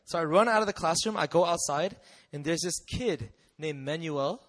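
A young man giving a lively testimony talk, telling a mission story with acted-out voices and frequent laughter. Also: a little high, normal speed. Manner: animated storyteller, acts out voices, laughs often. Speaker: missionary speaker.

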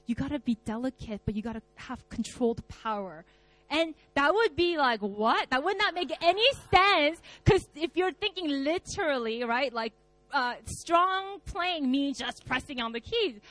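A woman pastor preaching a conversational sermon, animated, with many fillers and laughs. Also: fairly high pitch. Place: church service.

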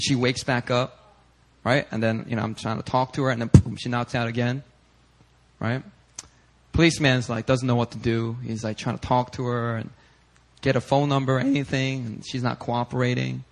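A young male pastor telling a lively, casual story in a sermon, slipping in Korean phrases. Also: mid-range voice, normal speed.

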